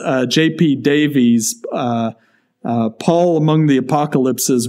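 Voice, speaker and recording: A man's voice: medium pitch, a little mellow. A man co-hosting a podcast, explaining academic theology in casual talk with frequent fillers and restarts. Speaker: podcast co-host.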